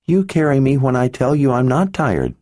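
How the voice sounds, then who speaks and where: A man's voice: medium pitch, sing-song, moderate pace, a little mellow, no echo, studio quality, voice pushed up, natural voice. A man doing an earnest little girl, storybook. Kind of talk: audiobook character voice.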